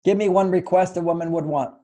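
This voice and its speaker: Older male advice author, mellow and slightly high-pitched, patient teaching manner. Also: steady tone, quick pace, low-quality recording. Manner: gentle, explanatory, acts out little dialogues. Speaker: relationship author and guest. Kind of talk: conversational advice interview.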